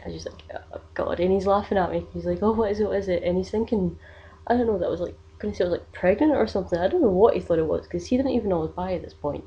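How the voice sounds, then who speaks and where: A woman's voice: lowish voice, very fast, lo-fi sound. Rambling young woman. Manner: rambling, many fillers like "like" and "um". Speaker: vlogger. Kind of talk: casual storytelling vlog.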